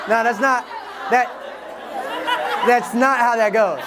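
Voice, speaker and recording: A young man from Detroit with a very high voice leads a live audience through playful call-and-response during a motivational talk. He sounds energetic and teasing. The live room recording carries clear crowd sounds and noise. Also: takes it slowly. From Detroit, USA. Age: 20s. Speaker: motivational speaker.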